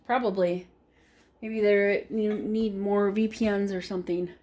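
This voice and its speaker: A woman's voice: mid-range voice, fairly even intonation, a little slow, mellow. A woman vlogging casually from her kitchen at home, chatty and rambling, correcting herself as she goes. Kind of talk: casual vlog chat.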